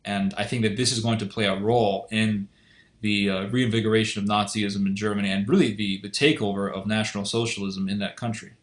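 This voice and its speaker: A fairly low, level male voice, a little quick and reverberant, carries this online video commentator's improvised monologue. He presses his points earnestly, often repeating himself and starting phrases over.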